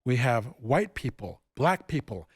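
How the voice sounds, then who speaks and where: A man who founded an improv theatre, telling stories in a casual interview and acting out the dialogue with lively jumps in pitch. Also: a little slow, breathy edge, no room sound, clean studio sound. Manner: animated, acts out quoted dialogue with big pitch jumps.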